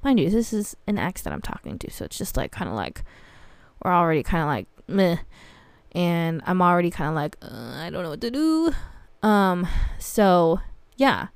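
Young cali woman ranting on her podcast, cussing a lot, smooth clean voice, dry close sound. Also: on the low side, normal speed, dry recording. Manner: blunt, profane, slangy, animated. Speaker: podcast host. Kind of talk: casual storytelling monologue.

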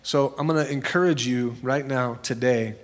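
At a normal speed, a male pastor delivers a sermon full of storytelling in a conversational style. When quoting people, he switches into high-pitched voices.

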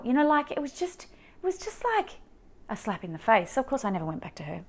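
A woman's voice: high voice, fast talker. An Australian woman telling a personal story in a candid, emotional way, full of fillers and restarts. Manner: emotional, animated retelling with many fillers. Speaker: mother sharing a personal story.

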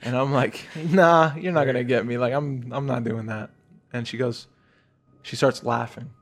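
A man co-hosting a casual podcast chat, telling a childhood story and getting loud and high-pitched as he relives the fright. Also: moderate pace. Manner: animated, rises high and loud when retelling fright. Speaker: podcast host.

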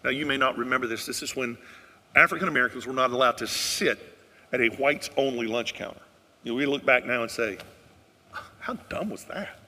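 A man's voice: medium pitch, steady tone, fast talker, sharp tone, big-room sound. A male pastor preaching a sermon, telling a story in an earnest way and asking the congregation questions.

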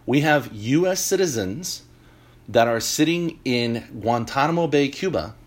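A man hosting a talk show, delivering an animated opinion monologue with emphatic points and joking asides. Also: medium pitch, a little slow. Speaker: podcast host.

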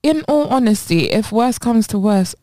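Young British woman, podcast co-host, casual chat, animated and blunt, slangy, dry close sound. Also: on the high side, moderate pace, dry recording. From England. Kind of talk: casual chat among friends.

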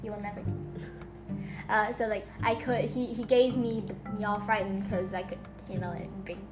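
A woman's voice: mid-range voice, little pitch movement, normal speed, over music. A woman in a casual family devotional talk, rambling and acting out the voices she quotes. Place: home.

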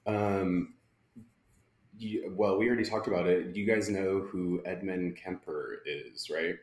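A woman, co-hosting a podcast, laughing often and telling stories with lively energy. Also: a bass voice, unhurried, roomy sound. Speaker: podcast co-host, middle sibling. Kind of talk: casual chat.

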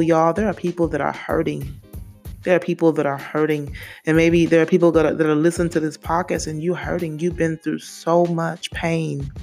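Earnest Saint Lucian woman hosting a faith podcast, even-toned with a gravelly edge, repeats herself for emphasis. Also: deep voice. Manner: earnest, repeats phrases, addresses listeners directly. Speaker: podcast host and therapist. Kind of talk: casual faith podcast monologue.

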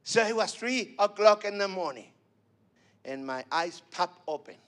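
High-voiced fervent preacher, slow and soaring. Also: male voice, expressive. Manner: fervent, rising to shouts then dropping soft. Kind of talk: sermon.

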